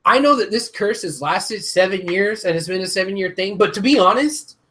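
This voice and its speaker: A man's voice: sits high, fairly quick. A man co-hosting a casual wrestling talk show, ranting with lots of swearing. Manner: animated, ranting, swears a lot. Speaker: podcast co-host.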